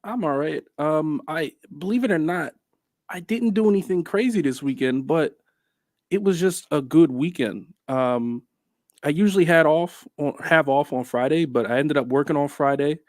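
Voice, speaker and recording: A man's voice: fairly high pitch, normal speed, a little mellow, no room sound, clean studio sound. A man co-hosting a radio talk show, chatting in an easygoing, hesitant way. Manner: easygoing, hesitant, many fillers and restarts. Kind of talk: casual radio chat. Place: radio studio.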